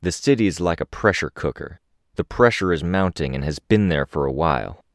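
A man voicing a calm, persuasive police officer who speaks in a measured way. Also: sits low, dry recording, studio quality.

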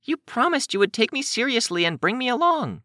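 A stubborn, eager teenage girl , as a male narrator puts her on, pitched high above his own voice and insistent. Her voice sounds a little distant, its tone unlike his usual one. It is a dry audiobook recording. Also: very animated, brisk, pushed and bright, dry recording, exaggerated voice. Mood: pleading. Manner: insistent, pleading.

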